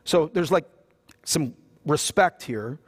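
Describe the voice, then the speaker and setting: A man's voice: a little high, animated, slow. A pastor preaching a sermon. He reads scripture aloud and retells it in casual, joking everyday talk. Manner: casual and joking, with slang asides.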